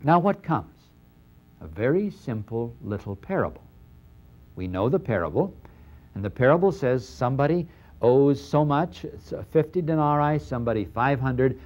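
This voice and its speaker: An older man giving a lecture on scripture, animated and acting out the dialogue in dramatic voices. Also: medium pitch, moderate pace. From Middle East. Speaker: lecturer on the New Testament. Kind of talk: university-style lecture.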